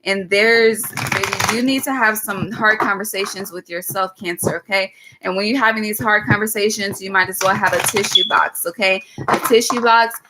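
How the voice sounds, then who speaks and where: A woman's voice: mid-range voice, fairly even intonation, normal speed, very noisy. A woman giving a chatty, frank tarot reading, calling listeners "baby" and tagging nearly every line with "okay". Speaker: tarot reader. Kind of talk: casual tarot reading monologue.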